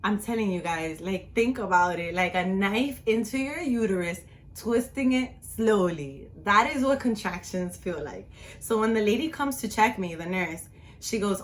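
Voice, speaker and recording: A young woman vlogger casually telling a personal story, chatty and animated, with lots of "like". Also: mid-range voice, moderate pace, a little hiss or hum.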